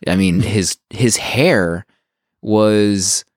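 A man's voice: on the low side, extremely slow, no room sound, clean studio sound. A man co-hosting a podcast, talking in a rambling, enthusiastic way with many fillers. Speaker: podcast co-host. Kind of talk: casual chat.

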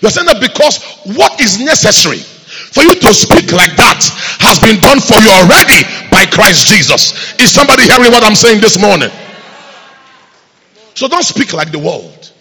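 A man's voice: high-pitched, very animated, moderate pace, pushed and bright, breathy edge. A man, preaching a sermon with emphatic call-and-response questions to the congregation. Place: church hall. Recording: echoey church hall reverb.

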